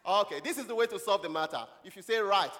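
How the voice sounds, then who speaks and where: Preacher with laughs in a reverberant church. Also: male voice, sits high, fast. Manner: lively, questioning the congregation, laughing often. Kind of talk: children's sermon with call-and-response. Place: church hall. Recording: long hall reverb.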